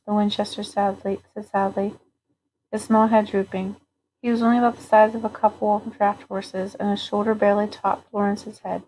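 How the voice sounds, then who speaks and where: A woman narrating a novel aloud at a steady, even pace. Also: mid-range voice, normal speed, a little hiss or hum, poor audio. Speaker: audiobook reader.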